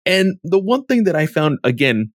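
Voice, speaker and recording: Male co-host, mid pitch, dry close sound, hesitant and reflective. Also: sing-song, normal speed, no room sound. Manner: thoughtful, searches for words, repeats starts. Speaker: podcast co-host. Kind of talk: casual manga discussion.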